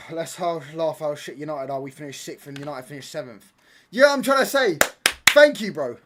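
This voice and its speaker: A young man holds forth on football during a live stream from home, talking a little higher than most men. He rambles, trades jabs with his chat and throws in plenty of slang. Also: lively intonation, normal speed, fairly bright tone, a little hiss or hum. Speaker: livestream watchalong host.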